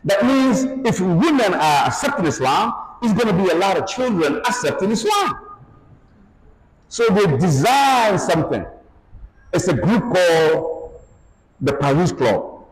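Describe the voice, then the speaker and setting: A man preaching with lively, swooping pitch and emphatic bursts of force, his voice sitting a little high. He is heard in an echoey hall with long reverb and a faint hum of background noise. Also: a little slow. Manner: animated, emphatic preaching with frequent exclamations. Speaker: Islamic lecturer. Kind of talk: religious lecture.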